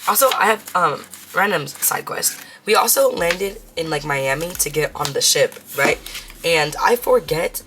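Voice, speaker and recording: A young woman with a low voice talks casually to her viewers while counting bills aloud. She is chatty and now and then slips into Spanish phrases. A faint hiss sits under the recording. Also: expressive, measured pace, fairly bright tone. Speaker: budgeting vlogger.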